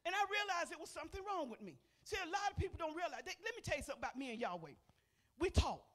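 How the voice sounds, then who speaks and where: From a church pulpit, an older woman pastor gives a testimony sermon in a folksy, conversational style, calling out to the congregation again and again. Her very high voice swings widely in pitch and moves very fast, leaping from loud, emphatic bursts to near-murmured asides.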